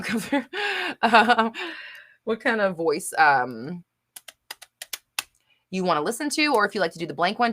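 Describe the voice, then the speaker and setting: Her voice sits low and sounds pushed and bright. She is a young adult woman running a live manifestation Q&A, reading viewer comments and giving blunt, emphatic answers peppered with casual swearing and fillers.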